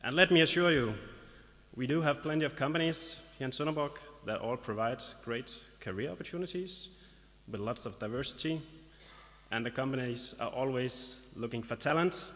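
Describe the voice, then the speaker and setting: A man's voice: medium pitch, normal speed, a bit bright. A man representing a local business association, giving a formal speech with light jokes at a graduation ceremony. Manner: formal, lightly joking, announcing. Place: large hall at a graduation ceremony. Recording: long reverb of a large hall.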